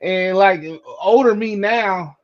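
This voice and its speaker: A man co-hosting a podcast, telling a childhood story in casual chat, animated and acting out the voices in it. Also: high voice, slow, highs cut off. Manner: animated, acts out quoted voices, repeats words. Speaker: podcast co-host.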